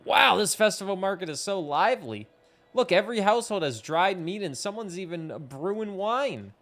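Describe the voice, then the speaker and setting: A man's voice: high voice, lively intonation, moderate pace, a bit bright, pitched above the performer's own voice. A man voicing a cheerful, caring village girl.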